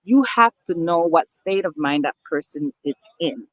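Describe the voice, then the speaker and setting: A woman's voice: on the low side, expressive, normal speed, no room sound, poor audio. Woman vlogging straight to camera, earnest and emphatic, keeps restarting phrases, dry close sound. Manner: earnest, emphatic, addresses viewers as people. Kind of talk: casual talk to camera.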